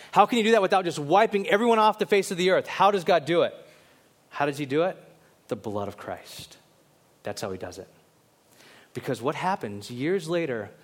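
Emphatic male preacher with a higher voice. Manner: emphatic, rising and falling between loud exhortation and low intensity. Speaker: pastor. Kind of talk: sermon.

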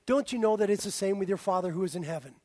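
A man preaching a sermon as a pastor, animated and swinging from loud exclaiming to a hushed near-whisper. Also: high voice, rapid-fire, no echo, studio quality. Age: young adult.

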